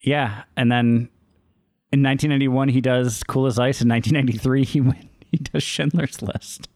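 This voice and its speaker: A man's voice: medium pitch, steady tone, normal speed, a little mellow, dry recording. Wry man with a dry, close sound. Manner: wry, listing facts with fillers. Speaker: podcast co-host. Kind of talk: casual movie review chat.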